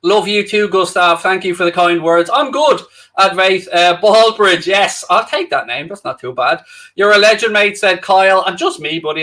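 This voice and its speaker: A man's voice: high-pitched, bright, forceful tone. A young man with an Irish accent, co-hosting a football watchalong stream, chatting casually and jokily with viewers and reading out their comments. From Ireland. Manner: chatty, jokey, addresses viewers directly. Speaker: co-host of a football watchalong livestream.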